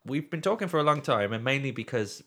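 A man's voice: mid-range voice, lively intonation, quick pace, bright, forceful tone, husky, faint music behind. A man co-hosting a podcast, rambling through anecdotes and swearing freely. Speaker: podcast co-host. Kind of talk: casual podcast chat.

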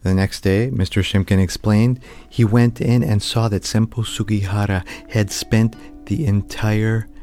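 Low-voiced male storyteller narrating. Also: flat delivery, measured pace, few pauses, warm tone, soft background music. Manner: vivid storyteller, acts out quoted voices.

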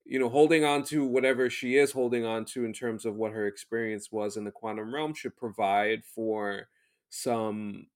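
A man's voice: lowish voice, fairly even intonation, moderate pace. Easygoing man chatting on a podcast. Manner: easygoing, prone to digressions. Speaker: podcast co-host. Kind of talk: casual chat.

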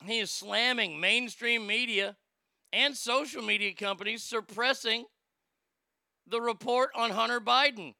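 A man with a high, gravelly voice riffs in a casual commentary, sarcastic and mocking and quick to swear. His tone is bright and crisp, recorded close in a dry room. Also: dry recording.

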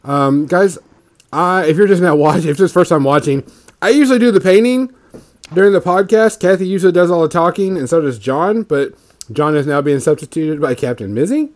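A man's voice: on the high side, brisk. A man co-hosting a casual podcast stream, talking loosely with many fillers while he paints miniatures. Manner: relaxed, rambling, many fillers. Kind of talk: casual livestream chat.

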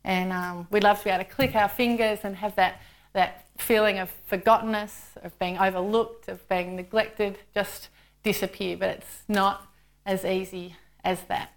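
A woman's voice: medium pitch, steady tone, moderate pace. Woman preacher, chatty sermon voice, full of rhetorical questions. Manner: conversational, with rhetorical tag questions.

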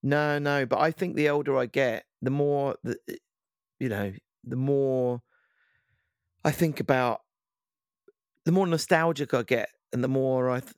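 A man's voice: mid-range voice, unhurried, long pauses, smooth, dry recording, studio quality. A man in casual podcast chat, talking reflectively and hesitantly. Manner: reflective, hesitant, many restarts. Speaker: podcast co-host.

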